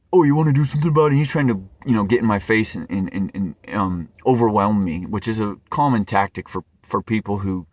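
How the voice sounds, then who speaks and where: A man's voice: fairly low pitch, no room sound, studio quality. A man telling a personal story to camera in an earnest, rambling way, often stumbling and repeating his words. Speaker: vlogger.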